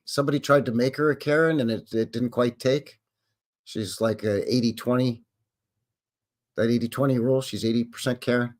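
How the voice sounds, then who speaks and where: A man from Canada, hosting a live stream in a rambling chat that acts out quoted voices and answers viewers. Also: medium pitch. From Western Canada. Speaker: livestream host.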